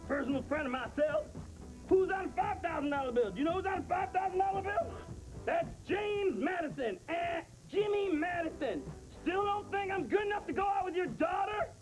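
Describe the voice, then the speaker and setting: A man's voice: very high voice, animated, a little fast, faint music behind, voice pushed up. A stand-up comedian voicing a brash, boastful rich suitor who taunts and shows off his money. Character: brash rich loudmouth suitor, adult man. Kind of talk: comedy sketch with put-on voices.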